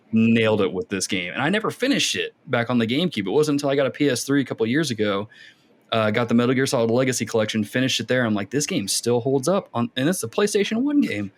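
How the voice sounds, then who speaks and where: A man hosting a casual gaming podcast, telling stories with lively reenactments of his younger self. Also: mid-range voice. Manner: animated storytelling, acts out his younger self. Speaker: podcast host.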